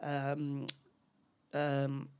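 A man recapping a film plot in casual chat, with halting delivery, many restarts and tag questions. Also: medium pitch, completely flat delivery, a little mellow, clear, resonant tone.

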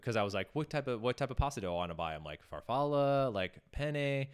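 A man's voice: mid-range voice, animated, fast, clear, resonant tone. A man co-hosting a casual podcast chat, rambling with many restarts and fillers. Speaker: podcast co-host.

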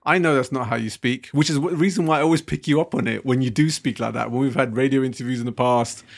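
A man's voice: medium pitch, fast talker, vocal fry. A man co-hosting a podcast from home, teasing and stubborn in casual banter. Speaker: podcast co-host. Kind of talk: casual chat. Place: home living room.

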